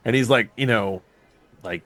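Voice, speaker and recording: A man hosting a podcast, casually recapping a movie with lively, profane storytelling. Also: mid-range voice, normal speed, dry recording. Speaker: podcast host.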